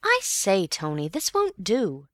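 A woman voicing an eager, excitable young man who exclaims and fires off quick questions. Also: medium pitch, no echo, studio quality, pitched above the performer's own voice, exaggerated voice. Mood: excited.

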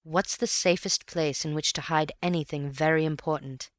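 A woman voicing an earnest, brooding man who speaks slowly and carefully. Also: deep voice, fairly even intonation, no echo, clean studio sound, natural voice. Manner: slow, earnest, measured.

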